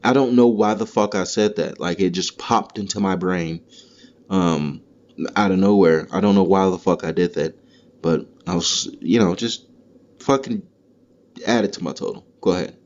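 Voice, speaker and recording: A man's voice: low-pitched, normal speed, darkish tone. A man hosting a podcast, delivering a heated, profane, rambling comedic rant. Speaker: podcast host. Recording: dull lo-fi recording.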